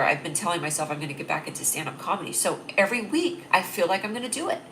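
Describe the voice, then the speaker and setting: A young woman hosts a casual comedy livestream, talking straight into a close webcam. Her voice is bright and forceful, and she rambles cheerfully, laughing at her own jokes. A faint hiss sits under the recording. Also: medium pitch. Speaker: livestream host.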